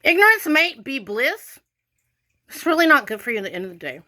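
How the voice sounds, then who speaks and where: A woman's voice: sits high, very animated, brisk, sharp tone. An American woman ranting casually to her viewers, irritated and rambling, with lots of "like" fillers. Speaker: vlogger.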